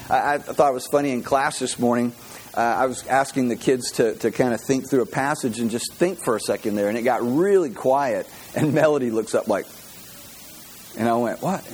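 A man pastor delivers a relaxed, storytelling sermon in a mid-range voice, often tripping over his words and starting again. A faint hiss sits under the recording. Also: mid-range voice. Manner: animated storyteller, many repeated restarts. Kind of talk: casual conversational sermon.

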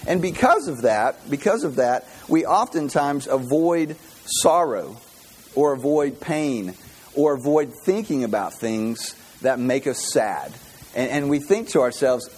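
A man's voice: medium pitch, unhurried, breathy edge. A man preaching a casual, conversational sermon as pastor, telling stories with lots of repeated restarts. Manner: animated storyteller, many repeated restarts.

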